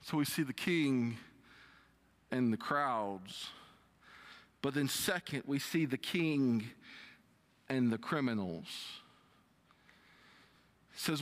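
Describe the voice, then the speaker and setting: A man preaching a sermon, reading scripture and retelling it with expressive rises and drops. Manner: expressive preaching with dramatic pitch swings when quoting scripture. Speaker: pastor.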